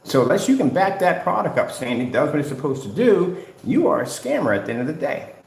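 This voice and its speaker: A man's voice: fairly high pitch, sing-song, brisk, gravelly. A man on a livestream, confrontationally lecturing rivals in a repetitive ranting style. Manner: confrontational, lecturing, repeats "at the end of the day". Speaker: business owner ranting at rivals. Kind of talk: livestream rant. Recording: roomy echo.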